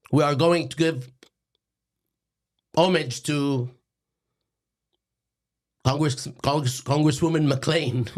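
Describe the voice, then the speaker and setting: A middle-aged man, hosting a satirical lecture in a deadpan, sarcastic manner. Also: fairly high pitch. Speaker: host.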